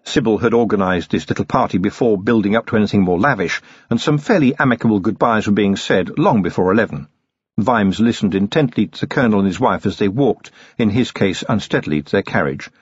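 A man giving expressive, measured scripted narration of an audiobook. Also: on the low side, slightly rough, no echo. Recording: slightly dull, dry audio.

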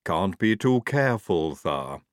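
A man voicing a calm, resourceful young woman disguised as a male soldier, smooth and unflappable. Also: low-pitched, measured pace, dry recording, clean studio sound.

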